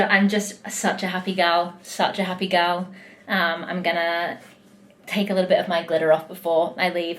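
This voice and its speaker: A young woman in casual vlog chat, talking in a gushing, heartfelt way as a musical theatre performer backstage. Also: on the low side.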